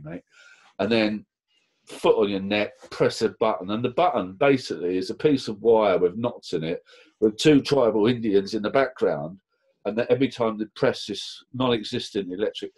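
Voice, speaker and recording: A middle-aged man telling anecdotes in a casual, lively interview, acting out quotes. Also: fairly low pitch. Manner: lively, animated anecdotes with laughs and acted-out quotes. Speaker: interview guest. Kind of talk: casual storytelling.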